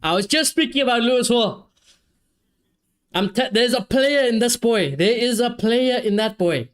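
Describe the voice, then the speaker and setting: A young man hosting a live football watchalong, reacting excitedly, swearing heavily and shouting when his team scores. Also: very high-pitched, normal speed, clear, resonant tone. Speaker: watchalong streamer.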